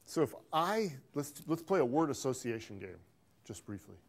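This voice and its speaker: A man teaching an accounting class, lively, quizzing students and repeating key phrases, recorded in a classroom. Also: medium pitch, normal speed, creaky. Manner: animated, asks the class questions and drills a phrase. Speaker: accounting instructor. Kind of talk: classroom lecture. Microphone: filmed by a videographer in class.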